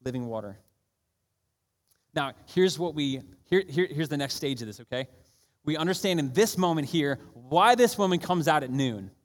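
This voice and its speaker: A man preaching a sermon in a church auditorium, energetic and conversational, often asking the room if they are ready. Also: fairly high pitch, normal speed. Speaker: pastor. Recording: long church hall reverb.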